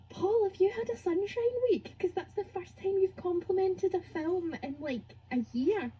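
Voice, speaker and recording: A woman's voice: very high voice, animated, slow pace, dark tone, poor audio. A woman co-hosting a podcast in casual chat, bubbly and teasing, who gushes about what she loves. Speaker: podcast co-host.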